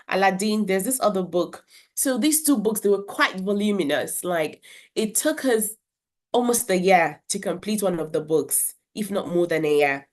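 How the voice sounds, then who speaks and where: A woman's voice: medium pitch, animated, normal speed. A woman educator, giving earnest instructional advice to parents about reading and talking with their children. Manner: earnest, explanatory, with brief demonstrations of character voices.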